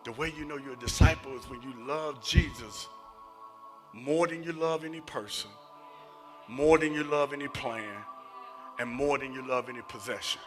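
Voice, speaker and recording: A man preaching a sermon and telling personal stories, moving between loud emphatic passages and hushed near-whispers. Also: medium pitch, moderate pace, over music. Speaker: associate minister. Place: church sanctuary.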